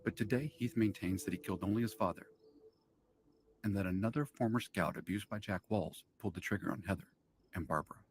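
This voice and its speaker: A man narrating a true-crime documentary in a measured, even way. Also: fairly low pitch, slight background noise.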